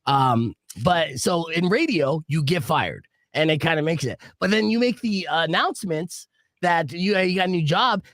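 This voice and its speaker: A man's voice: high voice, a bit bright, no room sound, studio quality. A man from New Jersey hosting a radio morning show podcast, talking in a brash, casual way and swearing freely.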